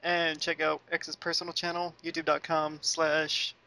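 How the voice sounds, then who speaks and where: A man's voice: fairly high pitch, monotone, measured pace, vocal fry, sharp tone. A man hosting a podcast, reading out links and thanks plainly. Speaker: podcast host. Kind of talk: podcast host outro.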